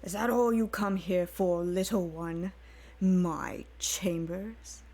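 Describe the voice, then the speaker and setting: A woman plays a smug, lecherous nobleman, pitched a little low and drawled out slowly. He leers over every word, like a ham in a comic storybook reading. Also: fairly even intonation, mellow. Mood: leering. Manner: slow, drawn-out, leering, mock-deep.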